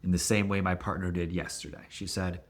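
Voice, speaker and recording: A middle-aged man explaining relationship conflict as a coach, lively and expressive, often acting out what partners say. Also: a little fast. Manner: animated, acts out quoted voices with big pitch jumps. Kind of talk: teaching talk to camera.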